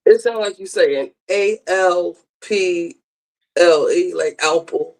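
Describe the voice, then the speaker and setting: A woman co-hosting a livestream, chatting casually with a teasing, curious manner and quick questions. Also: fairly low pitch, darkish tone, low-quality recording. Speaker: livestream co-host.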